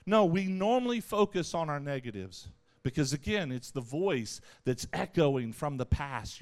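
A man preaching a sermon in an animated way, acting out voices as he goes. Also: on the high side, moderate pace, hardly any pauses. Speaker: pastor.

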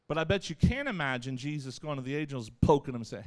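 Animated preaching man. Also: medium pitch, quick pace, few pauses. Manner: animated preaching, acting out voices of God and Jesus. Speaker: pastor. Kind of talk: sermon.

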